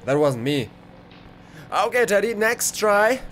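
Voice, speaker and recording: An excitable man commenting his way through a game, his voice a little high and swooping all over the place. He exclaims and rambles in quick asides, and loud game noise clatters behind him throughout. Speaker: gaming video creator. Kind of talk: let's play commentary. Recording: clear background game noise.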